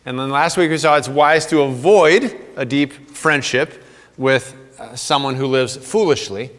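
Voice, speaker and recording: A man's voice: medium pitch, a little slow, fairly bright tone, big-room sound. A man preaching a sermon as pastor, reading scripture aloud in an earnest way with playful asides. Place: church sanctuary.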